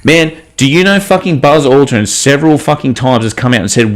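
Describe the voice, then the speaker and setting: A man co-hosting a podcast in casual chat, excitable and swearing constantly as he spins conspiracy talk. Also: medium pitch, fairly quick. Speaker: podcast co-host.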